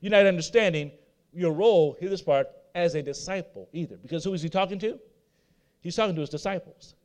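A man's voice: high-pitched, brisk, a little mellow. A man preaching a sermon, repeating his points and putting rhetorical questions to his listeners. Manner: repetitive, asks the audience rhetorical questions.

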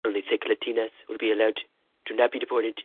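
A man doing a comic impression of a rambling, boastful male president, calling in over a phone line with a husky voice. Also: lowish voice, flat delivery, fast talker, dry recording. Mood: blustering. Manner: rambling, repetitive "listen", boastful bluster. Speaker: comedy caller. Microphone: phone call-in. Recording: tinny phone line, dry.

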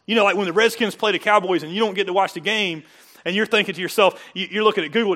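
A man preaching a sermon, animated and joking, building to excited emphasis. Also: sits high, fast talker. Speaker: pastor.

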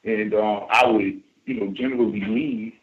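A caller from the United States phones a radio show and rambles casually through a story, restarting often and using lots of fillers. He speaks at normal speed in a fairly low, steady voice, heard through a phone line.

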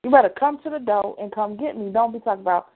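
A woman's voice: mid-range voice, fast talker. A woman co-hosting a radio talk show, chatting casually and emphatically, speaking straight to listeners. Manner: emphatic, addresses listeners directly. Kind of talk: casual chat. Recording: tinny phone-like sound.

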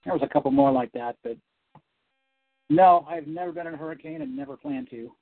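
A man, a comic book writer, talking as a guest in a casual interview, animated and rambling. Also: very high voice, brisk, creaky, noisy background. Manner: animated, rambling, self-correcting. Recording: dry, tinny phone-like sound.

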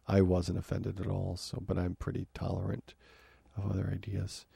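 A man's voice: low voice, completely flat delivery, normal speed, creaky, dark tone, slightly rough, dry recording. A man hosting a podcast from his home office, chatting casually with frequent fillers and restarts. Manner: rambling, many fillers and restarts. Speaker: podcast host. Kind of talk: casual review talk.

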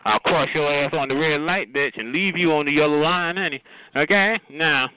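A man's voice: a little high, moderate pace. A man hosting a call-in show, sassy and cutting as he roasts a caller, calling people honey and child. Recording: tinny phone line with crowd noise.

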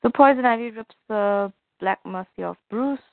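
A woman's voice: fairly high pitch, moderate pace, vocal fry, no room sound. A woman casually retelling a comic book story, chatty and conversational. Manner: chatty, retells scenes with "she's like". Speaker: comic reader and narrator. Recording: tinny phone-like dry sound.

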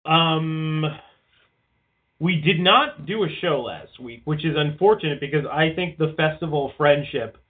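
A man's voice: a little high, a little slow. Rambling man on a tinny line. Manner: rambling, swears often, leans on "like". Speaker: podcast co-host. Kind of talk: casual chat.

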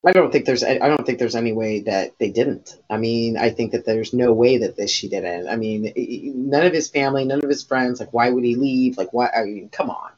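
Rumbling low and a little mellow with a breathy edge, this woman's voice moves fairly quickly with hardly any pauses. She's co-hosting a podcast, rambling, cursing freely and filling space with fillers, all on a dull lo-fi recording.

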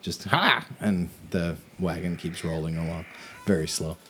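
A man's voice: sits low, level tone, normal speed, a little mellow, a little hiss or hum. A man narrating as game master in a casual, rambling way with many fillers.

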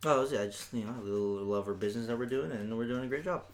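A man's voice: mid-range voice, rapid-fire, slight background noise. A young man co-hosting a podcast, chatting casually, swearing and laughing often. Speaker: podcast co-host. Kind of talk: casual chat. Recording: echoey room.

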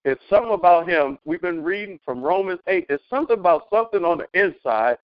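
A middle-aged man on a community call, telling a story as a testimony, animated, with many restarts. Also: high-pitched, fast talker, no echo, dull audio. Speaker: caller sharing a testimony. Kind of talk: casual spoken testimony.

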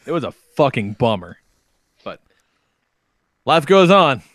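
A man's voice: medium pitch, sing-song, slow, a bit bright, dry recording. A young man hosting a podcast, telling a game story in casual chat, swearing and acting out quotes. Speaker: podcast host.

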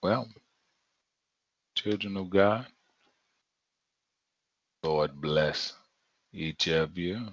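A man's voice: deep voice, extremely slow, pauses often, no echo. A man preaching a sermon in a conversational, emphatic way, repeating phrases for effect. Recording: dull lo-fi sound.

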